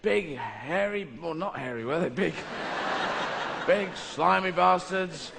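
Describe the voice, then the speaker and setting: A man with a high-pitched, gravelly voice takes his time through a stand-up comedy routine, rambling and playful with mock-pompous asides. It was recorded live at a large venue, in a big reverberant hall with noise.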